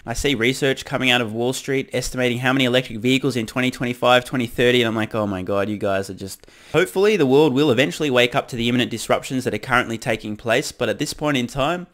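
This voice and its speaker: Fast-talking sarcastic male host. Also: medium pitch, fairly bright tone. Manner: sarcastic, ranting, emphatic. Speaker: channel host. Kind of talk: commentary on interview clips.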